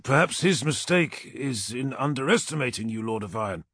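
A man voicing a determined armored officer in an audiobook, speaking urgently with a husky edge. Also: mid-range voice, expressive, moderate pace, a bit bright, no room sound, studio quality, pitched above the performer's own voice. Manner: urgent, pressing. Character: bold male armored officer, tense and determined.

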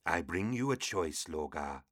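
Brief: male narrator doing a cryptic old two-headed demon oracle, deep low hiss, dry studio. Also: expressive, fairly bright tone, dry recording, heavily acted. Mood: ominous. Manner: hissing, low and measured. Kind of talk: audiobook character voice.

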